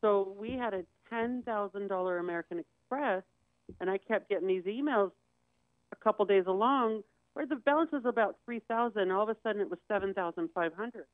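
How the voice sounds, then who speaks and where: A woman's voice: mid-range voice, fairly quick, no room sound. A woman guest on a talk show telling a personal story candidly, acting out the voices of the people in it. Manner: candid, acts out quoted voices. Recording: tinny phone-like dry sound.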